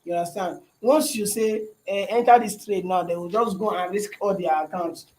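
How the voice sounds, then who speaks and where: A man's voice: sits high, normal speed, darkish tone, poor audio. A man with a Nigerian accent hosting a casual livestream from his shop, repeating phrases and often asking "you understand?". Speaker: livestream host.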